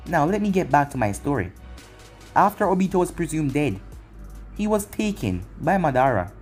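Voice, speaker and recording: A man reading a fan-made anime story as narrator, plain and unhurried. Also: fairly high pitch, big pitch swings, breathy edge, faint music behind.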